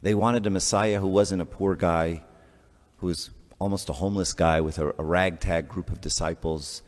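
A priest giving a conversational sermon, asking rhetorical questions and making joking asides. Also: male voice, low-pitched, fairly even intonation, normal speed. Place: church. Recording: long church reverb.

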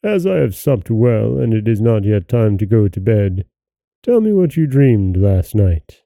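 A man's voice: lowish voice, big pitch swings, a little slow, creaky, dark tone, no room sound, exaggerated voice. A man reading as a stern old king. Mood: stately. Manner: stern, wrathful questioning. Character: proud, quick-tempered old king, father.

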